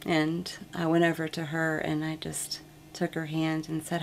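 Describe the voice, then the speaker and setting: A woman's voice: low-pitched, monotone, unhurried, vocal fry, a little hiss or hum. A woman nurse telling an earnest, reflective story about her work, with frequent ums. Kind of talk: testimonial interview.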